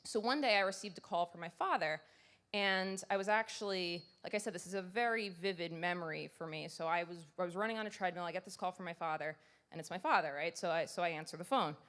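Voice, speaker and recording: A woman's voice: fairly low pitch, fast, fairly bright tone. A woman in her thirties giving a conversational, self-deprecating conference talk, with frequent fillers. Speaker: conference speaker. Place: conference stage.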